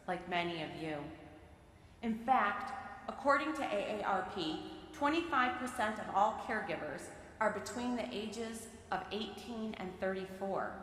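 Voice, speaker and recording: A woman giving a sermon from the pulpit of a large synagogue sanctuary, reading prepared remarks in a measured, earnest way. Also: medium pitch, a bit bright, slight background noise. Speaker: lay speaker giving a sermon. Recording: very echoey sanctuary with long reverb.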